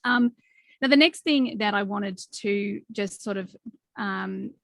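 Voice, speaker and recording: A woman's voice: mid-range voice, takes it slowly, vocal fry, dry recording. A woman in her forties hosting a podcast interview, talking in an earnest, reflective way with plenty of fillers. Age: 40s. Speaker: podcast host. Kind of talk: conversational interview.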